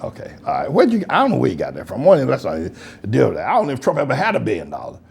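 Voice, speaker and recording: Gravelly, animated male preacher. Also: racing, a little hiss or hum. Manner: mocking, laughing, swings between booming highs and low mutters. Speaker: pastor. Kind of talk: preacher's commentary reading online comments.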